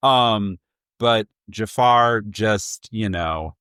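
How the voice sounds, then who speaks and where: Man, guest co-host, lowish voice, dry close sound, easygoing, chuckling. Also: extremely slow, a bit bright, clean tone, no room sound. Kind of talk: casual podcast chat.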